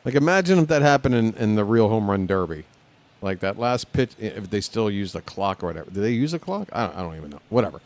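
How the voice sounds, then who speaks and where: A man streaming live gameplay from a lounge chair at home, talking to the game and reacting loudly as he plays. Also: lowish voice, very animated, fast. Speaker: gaming streamer.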